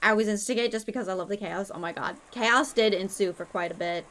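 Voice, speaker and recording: A woman's voice: medium pitch, fast talker, fairly bright tone, a little hiss or hum. A young woman streamer chatting casually, playful and crude, swearing a lot. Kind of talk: casual live-stream chat.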